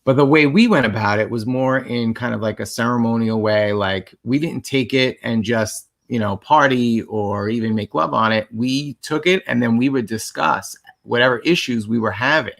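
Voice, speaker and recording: A man with a mid-range, gravelly, fairly bright voice co-hosts a couples livestream about relationships. He talks at a moderate pace with hardly any pauses, earnest and reflective, using lots of fillers in casual conversation.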